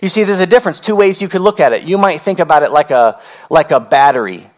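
A man preaching a sermon as pastor, earnest and emphatic, repeating key phrases and swinging between slow, drawn-out words and quick runs. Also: a little high.

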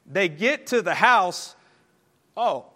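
A man with a high voice delivers a storytelling sermon, full of "uh" fillers and quick restarts. His voice rings out with a long reverb, as in a large church hall. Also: animated, bright, forceful tone. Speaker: preacher.

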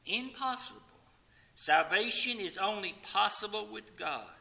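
A man preaching a sermon with passion, swinging from loud pleading to quiet, hushed lines and sometimes singing hymn verses. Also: a little high, measured pace.

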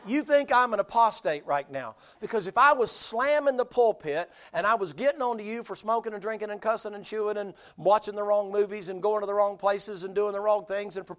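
A man's voice: sits high, a bit bright. A man with a Southern US accent preaching a sermon in a folksy, joking way full of homespun sayings. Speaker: pastor.

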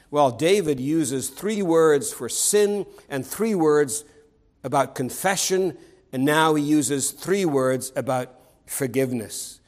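A man's voice: medium pitch, poor audio. A man preaching a sermon in an earnest, emphatic way, stressing key words and often restarting phrases.

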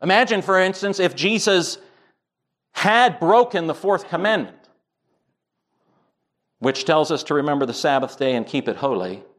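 Earnest preaching man, slightly high voice. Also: lively intonation, moderate pace, pauses often, fairly bright tone. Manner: earnest preaching, rising emphatic on key points. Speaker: pastor. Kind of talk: sermon.

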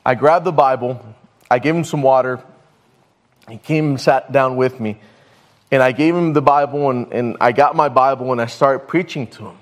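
A man's voice: mid-range voice, normal speed. A man preaching a sermon, telling a story and stumbling over his words now and then. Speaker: pastor.

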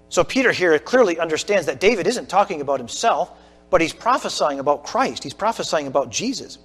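High-voiced man preaching in a church. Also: sing-song, a little fast, a bit bright, breathy edge, big-room sound, soft background music. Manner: earnest explanatory teaching, with restarts. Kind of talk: teaching sermon.

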